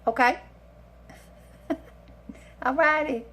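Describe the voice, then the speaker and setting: A woman's voice: sits high, very slow, pushed and bright. A woman chatting casually to camera in her home kitchen, rambling and self-mocking. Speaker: cooking vlogger.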